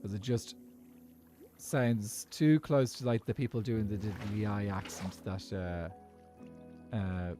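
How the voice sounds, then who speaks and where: An Irish man with a lowish, warm, steady voice streams a game, chatting casually and thinking aloud to viewers in a rambling way. He speaks slowly with frequent pauses, with soft music playing behind him.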